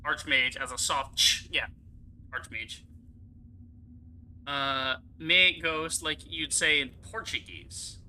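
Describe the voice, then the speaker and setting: Very bright-voiced rambling gaming streamer. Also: mid-range voice, slow pace, pauses often, a little hiss or hum, poor audio. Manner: rambling, swears often, laughs easily. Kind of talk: casual live-stream commentary.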